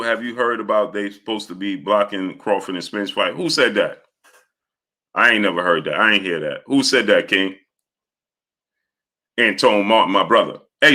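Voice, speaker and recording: A man hosting a live stream, greeting viewers by name and repeating catchphrases in a lively way. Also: mid-range voice. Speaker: live-stream host reading viewer chat. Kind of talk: casual live-stream chat.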